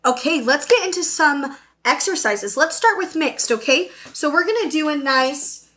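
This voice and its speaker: A woman's voice: high-pitched, lively intonation, normal speed, bright, forceful tone. A young woman teaching an upbeat virtual voice lesson, explaining terms and checking in with her students. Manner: upbeat, explains then demonstrates, often checks with "okay?".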